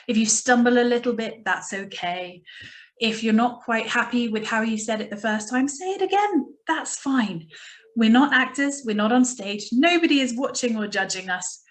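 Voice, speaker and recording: A woman teacher with a slightly high voice gives a recorded lesson. She explains patiently and encourages her students. When she reads the poem she slows right down and makes it dramatic.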